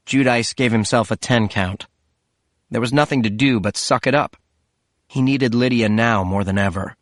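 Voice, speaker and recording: Male narrator, measured thriller audiobook read, dry studio sound. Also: mid-range voice, no echo. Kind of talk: scripted narration.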